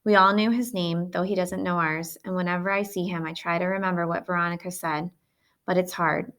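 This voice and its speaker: A woman's voice: on the low side, fairly even intonation, brisk, a bit bright. A woman reading a novel aloud in plain first-person narration. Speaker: audiobook reader.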